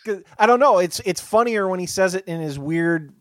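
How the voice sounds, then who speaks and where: A man co-hosting a podcast in casual chat, animated and laughing often. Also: high-pitched, moderate pace, dry recording, studio quality. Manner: animated, laughs often, keeps saying the co-host's name. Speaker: podcast co-host.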